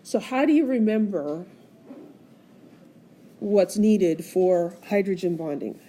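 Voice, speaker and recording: A woman's voice: medium pitch, expressive, takes it slowly, mellow, slight background noise. A woman teaching chemistry in a screencast lecture, explaining step by step and putting questions to the class. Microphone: tablet screencast recording.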